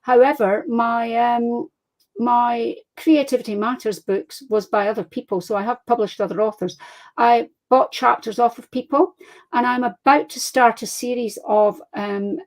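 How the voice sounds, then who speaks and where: Scottish woman author, guest interview, animated storyteller, slightly high pitch. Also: moderate pace, rough recording. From Scotland. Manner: chatty, animated storyteller, laughs easily. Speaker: crime fiction author guest. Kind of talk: casual interview chat.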